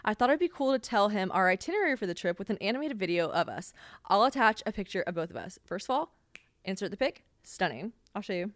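A woman's voice: medium pitch, lively intonation, a little fast, no echo. Chatty young woman, dry close sound. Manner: chatty, exasperated, swears freely, heavy use of "like". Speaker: podcast host. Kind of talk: casual solo chat.

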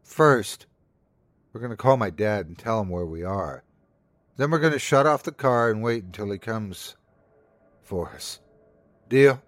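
A man's voice: lowish voice, lively intonation, a little slow, pauses often, no room sound. A man voicing a frightened, exasperated young woman who snaps at her friends in a horror story reading. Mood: firm. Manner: exasperated, sharp-tongued.

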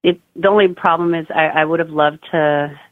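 A woman's voice: deep voice, steady tone, normal speed, no echo. A young woman chatting casually as a podcast guest, full of fillers like "like" and "oh my God.". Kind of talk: casual birth-story interview. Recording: dry tinny phone-like line.

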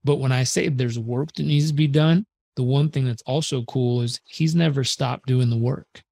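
Earnest man in his thirties, mid-pitched, animated storytelling guest, dry close mic. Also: moderate pace, gravelly, dry recording. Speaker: podcast guest, performance coach. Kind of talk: casual interview storytelling.

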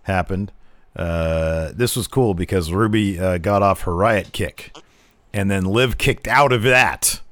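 A man's voice: sits low, slow pace, no echo. A man chatting casually as a podcast co-host, recapping wrestling and acting out quotes in funny voices. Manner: animated, acts out quotes in voices.

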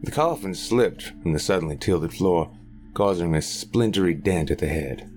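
Deep-voiced man narrating horror. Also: moderate pace, a little mellow, soft background music.

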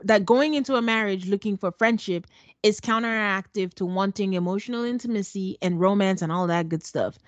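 Woman cohost, snarky animated recap, super dry close sound. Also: mid-range voice, no room sound. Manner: sarcastic, animated storytelling with acted quotes. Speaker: podcast co-host. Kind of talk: casual recap chat.

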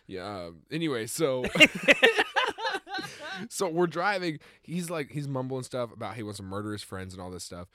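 A man's voice: medium pitch, lively intonation, brisk, few pauses. A young man co-hosting a podcast, telling a long story in a casual way and laughing often as he goes. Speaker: podcast co-host.

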